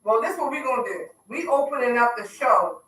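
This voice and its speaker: A woman hosting a casual hip hop radio show, talking loud and teasing her co-hosts with a laugh. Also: a little high, expressive, fairly quick, reverberant, distant mic, rough recording.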